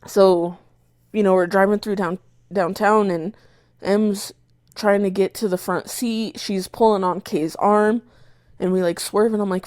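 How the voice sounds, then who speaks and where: A woman's voice: medium pitch, measured pace, no echo, clean studio sound. Young woman telling a wild story. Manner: animated retelling, swears a lot, acts out her own shouts. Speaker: podcast co-host. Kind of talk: casual storytelling chat.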